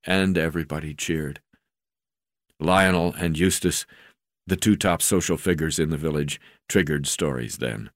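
A man's voice: extremely low pitch, no room sound, studio quality. A man reading his own memoir aloud, unpolished, with frequent fillers and restarts.

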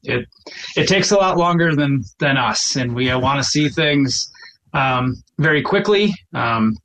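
A man who works as a forester, answering interview questions in a plainspoken, halting way with frequent restarts. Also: mid-range voice, lively intonation, a bit bright, rough recording.

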